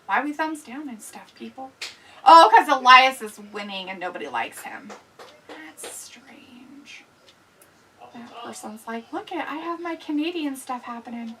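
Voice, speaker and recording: High bright lady host, chatty, mic kinda far away. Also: expressive, unhurried, noisy background. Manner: chatty, laughs often, reads comments aloud. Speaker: livestream host reading chat. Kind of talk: casual watch-along chat.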